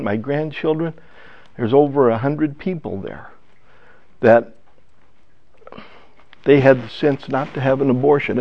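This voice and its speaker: An older man telling a family story in a personal testimony talk, halting and emotional, with many restarts. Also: mid-range voice, gravelly. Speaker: speaker. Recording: dull lo-fi sound.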